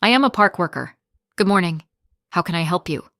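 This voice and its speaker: A woman voicing a cautious but kindly male teacher colleague in plain, even speech. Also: on the low side, fairly quick, no echo, clean studio sound. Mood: friendly.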